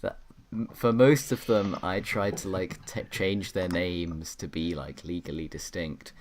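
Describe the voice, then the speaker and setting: A man's voice: sits low, fairly even intonation, measured pace, a little hiss or hum. A young man hosting a podcast over an online call, rambling and self-correcting as he hands out jokey awards. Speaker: podcast host presenting awards. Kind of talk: casual chat on an online call.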